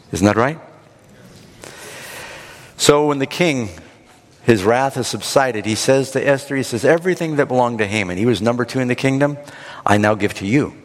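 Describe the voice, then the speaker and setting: A man preacher giving a sermon, retelling the story in a dramatic, animated way. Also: mid-range voice. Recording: long hall reverb.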